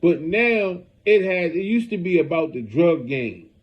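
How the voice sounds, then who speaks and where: A man's voice: on the high side, big pitch swings, a little slow, highs cut off. A man hosting a street news channel, talking casually and rambling, often asking "you know what I mean".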